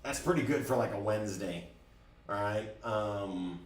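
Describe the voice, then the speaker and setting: A man's voice: fairly low pitch, measured pace. Candid man telling a story in a roomy room. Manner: candid, animated storytelling with many restarts. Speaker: driving school instructor. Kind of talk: classroom talk with personal story. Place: classroom. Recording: roomy, from a distance.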